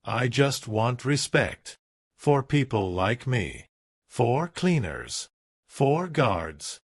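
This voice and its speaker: A man's voice: medium pitch, very animated, extremely slow, slightly rough, no room sound, clean studio sound, heavily acted. A man reading an earnest young cleaner. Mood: soft, sincere. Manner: soft, sincere pleading.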